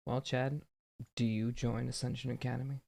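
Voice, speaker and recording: A young adult streamer chatting live, excitable, jumping between mumbled asides and loud outbursts, with keyboard typing behind. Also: medium pitch, normal speed, creaky.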